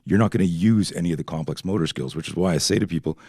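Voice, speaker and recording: A middle-aged man from Canada, a self-defense instructor telling stories as a podcast guest, animated and swearing freely while acting out quoted dialogue. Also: sits low, rapid-fire, slightly rough, dry recording, studio quality. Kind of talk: podcast interview storytelling.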